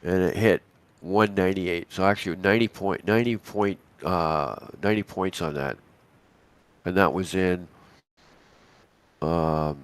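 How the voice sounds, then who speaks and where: Deep raspy man with a cold. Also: steady tone, unhurried, pauses often, no room sound. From Canada. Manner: rambling, chatty, with frequent restarts and asides. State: hoarse from a cold. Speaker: co-host of a live futures trading stream. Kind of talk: casual live market commentary.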